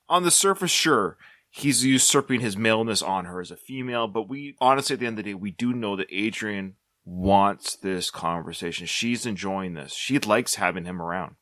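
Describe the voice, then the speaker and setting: A man's voice: on the low side, normal speed, no echo, clean studio sound. A middle-aged man co-hosting a podcast, talking through a film in an earnest, musing way. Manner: earnest, musing, lively quotes of characters. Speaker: podcast co-host. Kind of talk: casual film discussion.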